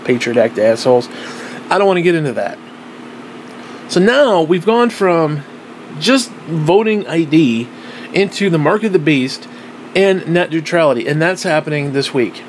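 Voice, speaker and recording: A man's voice: a little high, animated, normal speed, a little hiss or hum. A man giving a blunt, profane monologue, repeating himself insistently and recording himself on a tablet. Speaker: vlogger. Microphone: tablet microphone.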